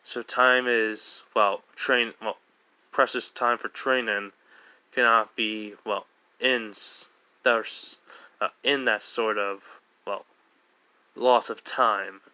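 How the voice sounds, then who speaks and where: A man voicing a stern, tired male homeroom teacher who speaks slowly and bluntly. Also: lowish voice, fairly even intonation, pushed and bright, clear, resonant tone, no room sound, full character voice.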